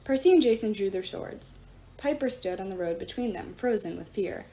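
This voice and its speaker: A woman's voice: medium pitch, expressive, normal speed, dark tone. A woman reading a novel aloud, narrating expressively and switching into the characters' voices.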